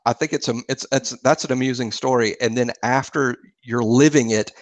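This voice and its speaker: A man's voice: medium pitch, steady tone, a little fast. Teasing middle-aged man riffing. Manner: teasing, riffs with mock dialogue. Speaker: radio show co-host. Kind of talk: casual chat.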